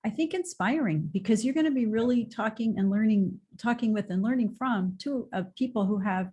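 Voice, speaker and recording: A woman interviewing a guest in a relaxed conversation, agreeing readily and prompting him with questions. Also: fairly high pitch, a little fast, breathy edge. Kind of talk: casual video-call chat.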